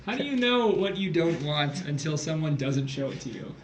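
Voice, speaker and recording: A man's voice: on the high side, big pitch swings, moderate pace. Playful young man tutoring, echoey room. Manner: playful, jokey, theatrical. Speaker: test prep tutor. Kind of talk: casual livestream tutoring. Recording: echoey room, faint background noise.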